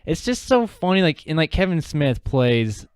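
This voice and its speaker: A man's voice: on the high side, big pitch swings, normal speed, clean tone, no echo, clean studio sound. A man co-hosting a podcast in casual chat, rambling with lots of fillers and restarts. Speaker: podcast co-host.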